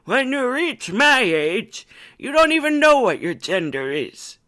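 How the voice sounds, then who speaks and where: Woman doing a confused, crude old lady: slow, drawling, with sudden blurts. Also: a little high, big pitch swings, a bit bright, pitched above the performer's own voice. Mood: doddering. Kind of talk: comic voice impression.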